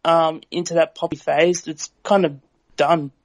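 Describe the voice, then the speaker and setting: A man's voice: fairly high pitch, flat delivery, unhurried, dry recording. Hesitant man from Australia, casual chat. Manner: hesitant, filler-heavy.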